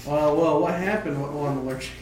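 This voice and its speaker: A man telling a relaxed anecdote in casual chat among tabletop game players. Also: fairly high pitch, fairly quick, recorded from a distance. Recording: echoey room, off-mic, faint noise.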